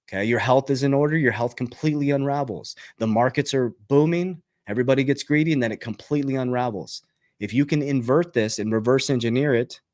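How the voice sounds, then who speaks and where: A man's voice: mid-range voice, dry recording, studio quality. A man talking as a finance coach in an emphatic motivational monologue, repeating his key phrases and getting fired up.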